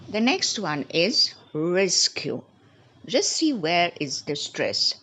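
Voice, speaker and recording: Low-voiced teacher, slow and lively. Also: female voice. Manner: drills pronunciation by repeating words slowly. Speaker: English teacher. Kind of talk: spoken English lesson.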